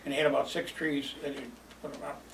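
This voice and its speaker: An older man with a gravelly voice rambles through old memories, chuckling between lines and filling pauses. He sits some way from the mic in a roomy space with a faint hum of ambience. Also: a little high, flat delivery, fairly bright tone, distant mic. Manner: rambling, chuckling, lots of fillers. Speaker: storyteller. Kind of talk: reminiscing oral history.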